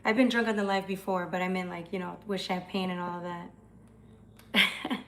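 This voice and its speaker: A woman's voice: fairly low pitch, fairly even intonation, normal speed, a bit bright, slight background noise. A young woman hosts a tarot livestream, talking loosely to her viewers. She answers their comments as they come in and swears casually.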